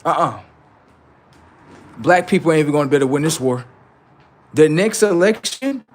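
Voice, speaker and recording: A man's voice: on the high side, animated, moderate pace, pauses often, husky. A man hosting a livestream, delivering a heated, profane and confrontational political rant that taunts his listeners. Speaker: livestream host.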